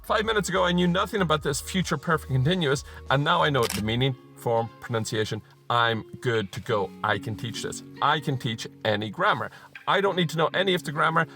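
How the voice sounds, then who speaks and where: A man explaining English grammar for teachers, thinking aloud and slowly modelling example sentences, repeating them for rhythm. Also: medium pitch, sharp tone. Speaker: CELTA trainer and channel host. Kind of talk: teaching video talking to camera.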